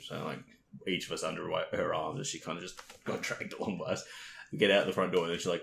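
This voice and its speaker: Deep-voiced young man telling a laughing story. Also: little pitch movement, quick pace, gravelly, fairly bright tone. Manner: laughs often, swears, acts out others' voices. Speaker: podcast co-host. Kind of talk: casual storytelling chat. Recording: roomy echo with faint noise.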